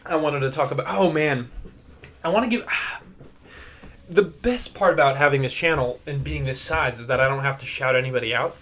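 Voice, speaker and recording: A man's voice: medium pitch, moderate pace, fairly bright tone. A young man hosting his own podcast, talking casually and rambling with lots of swearing and laughter. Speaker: podcast host. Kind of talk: casual solo podcast chat.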